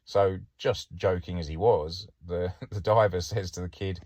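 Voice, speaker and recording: A man's voice: low-pitched, fairly even intonation, a little slow, darkish tone, dry recording. A middle-aged man, a podcast host and former police diver, telling stories in a chatty, wry way and often laughing. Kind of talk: casual anecdotal storytelling.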